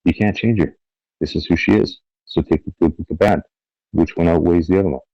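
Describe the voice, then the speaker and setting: A man's voice: sits low, a little fast, no echo, lo-fi sound. A middle-aged man talking bluntly and profanely as a podcast guest, acting out quotes in his stories. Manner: blunt, profane, animated storytelling with acted-out quotes. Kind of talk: candid interview talk.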